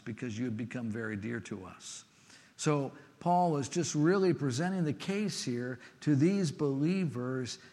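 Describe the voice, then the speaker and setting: A man's voice: mid-range voice, long reverb tail. A man preaching a sermon, reading scripture verses aloud and explaining them in an earnest, emphatic way with the odd filler.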